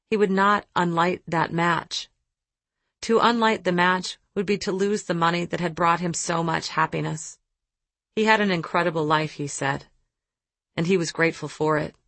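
A woman with a fairly low voice reads an advice column aloud, letter first and then her answer. Her delivery is measured and reflective, and the sound is close and dry. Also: fairly bright tone, no echo.

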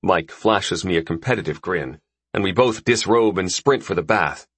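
A man narrating a first-person story in an expressive audiobook reading. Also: sits low, normal speed, husky, no room sound.

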